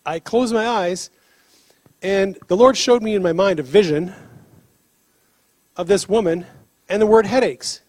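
Male preacher, high-pitched, lively storyteller, dry close sound. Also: unhurried, long pauses, dry recording. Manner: animated storyteller, laughs often, acts out dialogue. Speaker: preacher on healing ministry. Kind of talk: sermon with storytelling.

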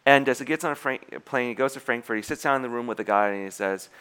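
A man's voice: medium pitch, quick pace, smooth. A man preaching a sermon, telling a spy story and acting out the characters' lines, with frequent restarts. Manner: animated storyteller acting out quoted dialogue, many restarts.

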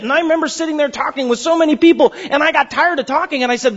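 A man preaching a sermon, telling stories animatedly and acting out what people say, with a husky voice. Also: very high voice, fast, lo-fi sound. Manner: animated storytelling, acting out quotes.

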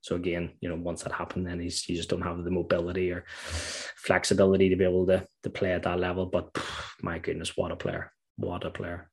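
Middle-aged ex-footballer from Northern Ireland, low husky voice, animated anecdotes. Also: male voice, quick pace. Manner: animated storytelling, laughs while recalling. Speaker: former footballer guest. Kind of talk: casual interview chat.

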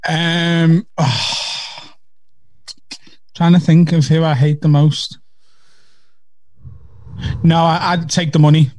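Laid-back male co-host, high lively pitch, slow drawl, dry sound. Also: dry recording. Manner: laid-back, wry, drawn-out phrasing. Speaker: podcast co-host. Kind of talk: casual chat.

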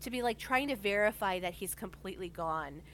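A woman's voice: medium pitch, expressive, a little fast, a bit bright, slight background noise. Chatty enthusiastic woman. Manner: enthusiastic, rambling, many fillers. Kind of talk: casual chat.

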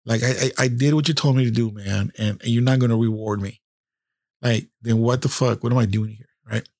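Gravelly man in his fifties, swearing. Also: medium pitch, steady tone, a little fast, a little mellow, dry recording, studio quality. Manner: candid, heavy swearing. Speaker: podcast host. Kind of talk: casual personal storytelling.

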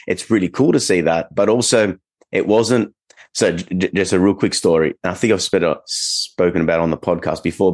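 A podcast host talks in a relaxed, meandering way. His voice sits low and deep. He strings his stories together with lots of fillers. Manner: rambling storyteller, many fillers. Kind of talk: casual conversation.

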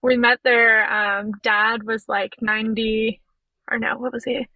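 A woman's voice: a little high, level tone, a little slow, no room sound, narrow, tinny audio. A young woman telling a hiking story as a podcast guest, chatty and full of "like" and "you know". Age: young adult. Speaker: podcast guest, physiotherapist and through hiker. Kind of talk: casual storytelling.

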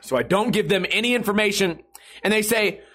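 A man's voice: sits high, fairly quick, a bit bright. A young man talking straight to camera in a casual, sarcastic rant, swearing freely as he vents about his internet and skating. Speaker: skateboarder vlogger. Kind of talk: casual profane monologue.

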